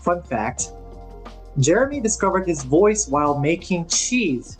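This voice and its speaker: A man's voice: sits high, sing-song, unhurried, soft background music. A man co-hosting a podcast, easygoing and reading items out in a list. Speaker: podcast co-host. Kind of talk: casual podcast chat.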